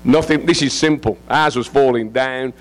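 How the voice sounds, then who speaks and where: A middle-aged man from England, a visiting missionary preacher, delivers an informal sermon, joking, rambling and laughing often. His voice has a medium pitch and a normal speed.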